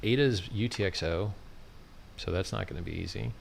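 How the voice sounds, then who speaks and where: Low-ish voiced guy doing a loose livestream, brash and mocking, ranting away. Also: normal speed, vocal fry, slight background noise. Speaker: livestream host. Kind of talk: casual livestream commentary.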